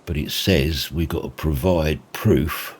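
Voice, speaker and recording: A man's voice: a bass voice, takes it slowly, slightly rough. A man, chatting in a casual farming roleplay, laid-back and saying mate a lot. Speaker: roleplay host. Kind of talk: casual roleplay narration and chat.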